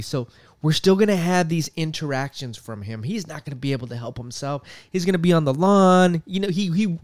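A man's voice: fairly high pitch, darkish tone, no room sound. Profane ranting podcast man. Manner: heated, profane, ranting with repeated swearing. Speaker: podcast host. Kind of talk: profane political commentary.

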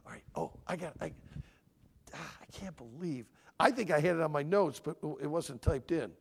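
Older guy in his 60s preaching at a family conference, pretty high voice, swoops all over the place. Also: moderate pace, creaky, breathy edge. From Michigan. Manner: animated, emphatic, asks audience questions. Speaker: conference speaker. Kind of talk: sermon-style teaching.

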